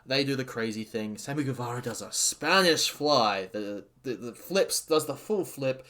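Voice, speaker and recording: A man hosting a casual wrestling recap, excitable and rambling with many fillers and restarts. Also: medium pitch, normal speed. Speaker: podcast host reviewing a wrestling show.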